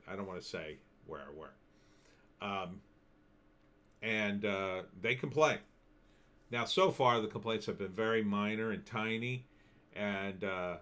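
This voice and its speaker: A man's voice: fairly low pitch, sharp tone. A man talking casually to camera with gum in his mouth, rambling through opinionated asides. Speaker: vlogger giving opinions.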